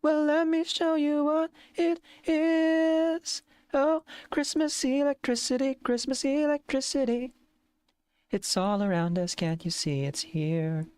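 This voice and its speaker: A woman's voice: high voice, fairly even intonation, slow, a little mellow, no room sound, voice pushed up. A woman voicing a jolly, mischievous Christmas ghost who sings in a bouncy, showy way. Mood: exuberant.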